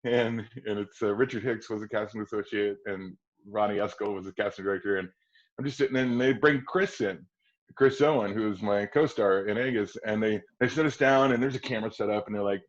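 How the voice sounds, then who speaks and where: A man in his forties with a low voice tells a rambling story as a podcast guest, jumping into other people's voices along the way. The sound is dull and lo-fi. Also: fairly quick. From Kenosha, Wisconsin. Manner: lively raconteur who acts out quoted voices and laughs often. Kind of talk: anecdotal storytelling.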